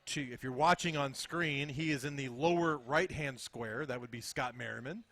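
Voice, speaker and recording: A man co-hosting a podcast from a bar, introducing guests in a relaxed, teasing way. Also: medium pitch, normal speed. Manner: relaxed, teasing, often agreeing with short replies. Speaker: podcast co-host. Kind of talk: casual bar chat.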